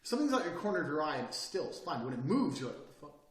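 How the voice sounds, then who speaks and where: Man, blunt motivational speaker, swearing, animated pitch, echoey room, mic far away. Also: rapid-fire. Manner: blunt and profane, dropping suddenly from loud to quiet. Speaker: speaker giving advice. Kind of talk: motivational talk.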